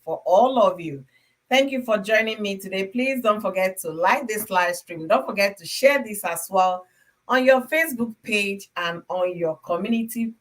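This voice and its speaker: A woman's voice: mid-range voice, fairly bright tone. A woman with a Nigerian accent hosting a casual livestream from home, chatting with viewers and greeting them by name. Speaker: livestream host.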